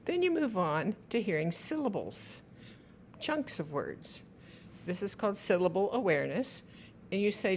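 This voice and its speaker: A woman giving instructional narration for parents. She talks in a slow, careful way and spells out the sounds of words. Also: medium pitch, very animated, slight background noise. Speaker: teacher.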